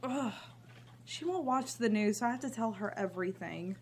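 An actress playing a bitter, cynical grown daughter who talks with sarcastic scorn. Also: female voice, a little high, animated, normal speed, darkish tone, slight background noise. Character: bitter cynical adult daughter living at home. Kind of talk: drama scene.

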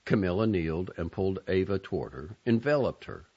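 Low, expressive male audiobook narrator. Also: breathy edge, lo-fi sound. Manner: measured, introspective, softly expressive.

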